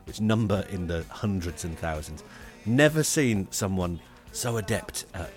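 A man, co-hosting a comedy podcast and telling a rambling, animated story. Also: low voice, a little slow, faint music behind. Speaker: podcast co-host. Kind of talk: casual comedy chat.

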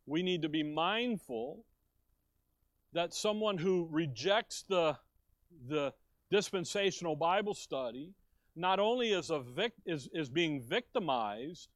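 Emphatic pastor preaching, dry close sound. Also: male voice, fairly high pitch, no echo. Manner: emphatic, rhetorical questions and asides. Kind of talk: expository sermon. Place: church.

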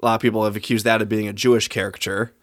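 A man's voice: fairly low pitch, little pitch movement, very fast, dry recording, clean studio sound. A man co-hosting a casual movie podcast, sharing easygoing opinions. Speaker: podcast co-host.

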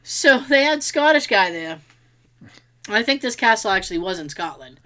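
A woman telling a story in casual chat, animated and laughing, acting out quotes and swearing freely. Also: mid-range voice, normal speed. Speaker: podcast co-host.

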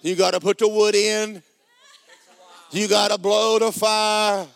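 A man preaching a sermon, joking with the congregation and breaking into loud shouts. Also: sits high, little pitch movement, takes it slowly, vocal fry, clear, resonant tone, a faint crowd. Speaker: pastor.

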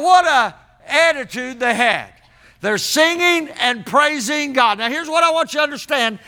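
Man, preacher, sermon, very high voice, folksy and emphatic. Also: pushed and bright. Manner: folksy, emphatic, calls out to the congregation.

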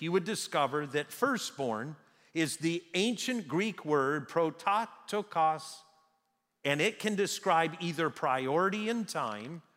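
A man preaching a sermon as pastor in a church sanctuary, emphatic, with slow dramatic pauses. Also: on the high side, fairly bright tone. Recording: long reverb of a large hall.

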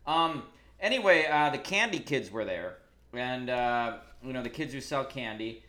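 A man's voice: medium pitch, lively intonation, moderate pace, sharp tone. A man and podcast co-host giving an easygoing, wry recap in casual chat.

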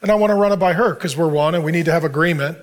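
Middle-aged male pastor, slightly higher voice, earnest and conversational, giving a sermon to a men's group. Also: very fast.

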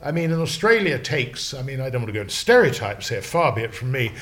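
Man chatty lexicographer guest, animated and digressive, often restarts his sentences, mid-pitched voice. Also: fast. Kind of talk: casual podcast discussion.

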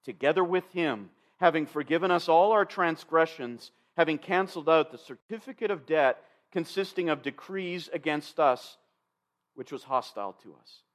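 A man delivers an expository sermon in a fairly high-pitched voice. He speaks straight to his listeners, calling them saints and believers. He repeats key phrases again and again to press them home. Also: moderate pace. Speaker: pastor.

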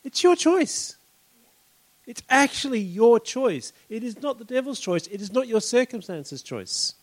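An Australian man preaching a sermon in an animated way, acting out reactions and bursting into shouts. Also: very high voice, measured pace.

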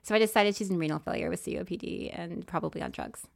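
A woman co-hosting a podcast, telling a story in a casual, animated way and acting out what people said. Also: on the low side, quick pace, vocal fry. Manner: animated, acts out voices, laughs often. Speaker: podcast co-host.

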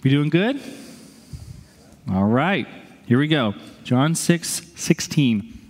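A man with a somewhat higher voice delivers a sermon as a pastor in a church sanctuary. He is earnest and conversational, with occasional light humor, and reads scripture aloud. His voice trails off into a long hall reverb. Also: sing-song, slow, darkish tone.

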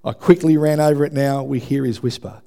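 A man's voice: mid-range voice, fairly even intonation, a little fast, vocal fry, mellow. A man preaching a sermon in a conversational way, often checking in with the congregation. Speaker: pastor.

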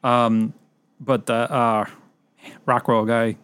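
A man's voice: medium pitch, little pitch movement, slow pace, a bit bright, smooth, no echo. Co-host: male, hedging and hesitant, dry recording. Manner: hesitant, full of restarts and hedging. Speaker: podcast co-host. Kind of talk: casual chat.

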